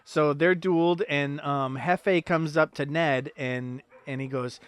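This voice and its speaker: A man's voice: a little high, fairly even intonation, takes it slowly, hardly any pauses, smooth, dry recording. A man co-hosting a casual movie review podcast, recapping the plot in a rambling way. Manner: rambling recap with fillers and quoted lines. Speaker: podcast co-host.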